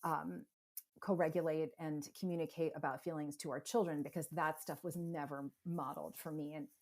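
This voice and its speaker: A middle-aged woman from the United States, a psychotherapist speaking as a podcast guest, talking animatedly and acting out parents and kids in quick voices. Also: sits low, fairly even intonation. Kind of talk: conversational interview.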